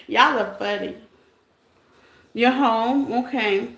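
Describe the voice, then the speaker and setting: A woman's voice: on the high side, slow pace, pauses often, fairly bright tone. A woman giving a casual live tarot reading, playful and teasing, laughing often and chatting with her listeners. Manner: chatty, calls listeners y'all and baby. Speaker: tarot reader. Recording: echoey room with background noise.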